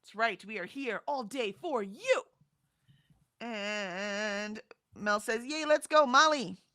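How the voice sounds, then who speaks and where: A woman's voice: a little high, bright, forceful tone, no echo, clean studio sound. A woman co-hosting a casual livestream, reading chat comments aloud and chatting, often laughing and trailing off mid-sentence.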